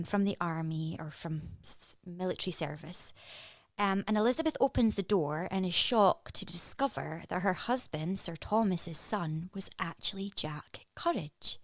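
A young woman from Edinburgh with an Edinburgh Scottish accent, a stage actress chatting as a podcast guest and telling a story in a lively, animated way. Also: on the low side, no echo. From Edinburgh, Scotland. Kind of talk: casual chat, storytelling.

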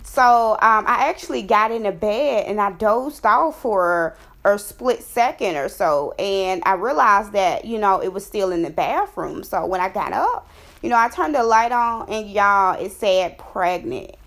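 A woman's voice: medium pitch, animated, a little slow, fairly bright tone. Young woman vlogging, chatty and heartfelt, says y'all a lot, talks about god. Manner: chatty, addresses viewers as y'all; heartfelt and faith-centered. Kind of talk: casual storytelling.

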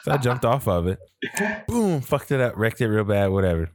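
A man's voice: fairly low pitch, lively intonation, a little fast, a crowd in the background. A man in a casual chat, a laid-back storyteller who swears casually.

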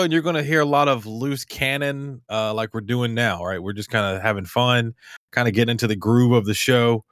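This podcast host rambles through a relaxed conversation and laughs readily. He speaks at a moderate pace in a mid-range, slightly bright voice, captured in a clean studio with no audible room.

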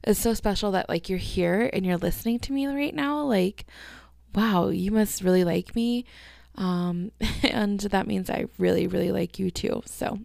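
A woman's voice: medium pitch, measured pace, vocal fry, a little mellow, no echo, clean studio sound. A young woman hosting a solo podcast in casual chat, gushing to her listeners with lots of "like" and "um", yawning now and then. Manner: chatty, filler-heavy, 'like' and 'um' everywhere; yawns between phrases. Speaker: podcast host.

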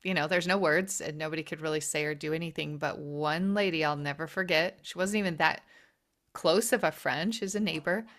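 Woman interview host, lowish voice, gentle, affirming. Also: a little fast. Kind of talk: interview conversation.

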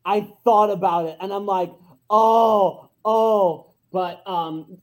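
A young man hosting a casual podcast, animated and quick to laugh while retelling favorite moments. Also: high-pitched, low-quality recording. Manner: animated, laughs easily, acts out quotes. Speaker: podcast host. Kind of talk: casual chat.

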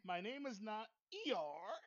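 A man co-hosting a casual podcast, mock-offended and joking around. His pitch swings widely as he talks. The sound is dull and lo-fi. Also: very animated, slow pace, fairly bright tone. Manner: jokey, playfully indignant. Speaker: podcast co-host. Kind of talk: casual chat.

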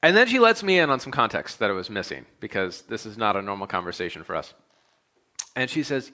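A young adult man, a pastor, preaching a sermon in a relaxed, conversational storytelling way. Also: on the low side, brisk. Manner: conversational storytelling, animated when quoting himself.

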